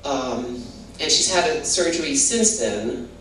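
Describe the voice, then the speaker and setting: Slow and low, this older Hawaiian woman's voice still rises and falls with energy as she tells her testimony. She's a guest speaking casually and rambling, often restarting and saying "you know." The mic sits far off in a roomy space, picking up faint noise.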